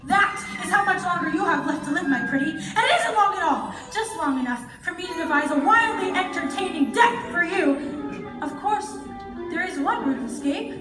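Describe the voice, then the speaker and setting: A gloating, sneering wicked witch, played by a woman in a stage musical, her voice pitched very high and full of mock sweetness. It sounds like a distant phone recording in an echoey auditorium. Loud pit music plays under her lines. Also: expressive, moderate pace. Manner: taunting, theatrical, gloating. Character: cackling, sneering wicked witch, female, cruel. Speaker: stage actor in a school musical.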